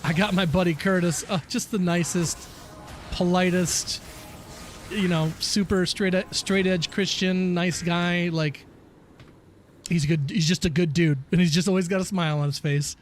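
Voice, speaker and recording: High-pitched man telling rambling stories. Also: steady tone, normal speed, slight background noise. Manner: rambling, laughing storyteller who swears freely. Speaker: game streamer. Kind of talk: casual live-stream chat.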